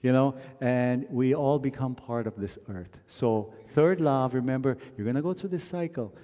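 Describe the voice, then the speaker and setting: A man from Canada leading a wedding ceremony, telling stories in a gently reflective way and now and then chanting verses. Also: medium pitch. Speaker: wedding officiant. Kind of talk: wedding sermon with sung verses. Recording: long hall reverb.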